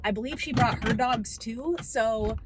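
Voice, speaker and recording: A woman's voice: fairly high pitch, unhurried, very noisy. Chatty young woman vlogging. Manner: chatty and animated, laughing often. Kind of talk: casual vlog chat. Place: outdoors and in a car.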